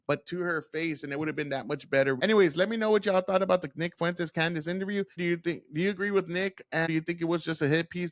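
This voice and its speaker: A man's voice: a little high, no room sound, clean studio sound. A man giving casual, worked-up reaction commentary on interview clips, blunt and profane.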